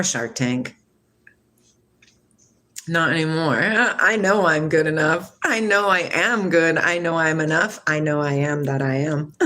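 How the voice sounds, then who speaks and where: A woman's voice: on the low side, a bit bright. A woman in her forties from Washington state, musing casually and reflectively about spirituality while answering a livestream chat, laughing often. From Washington state, USA. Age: 40s.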